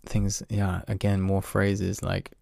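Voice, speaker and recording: A man's voice: low voice, monotone, slow, creaky, a little mellow, dry recording, clean studio sound. A man talking in a casual, reflective monologue, candid and self-deprecating, swearing now and then and laughing at himself.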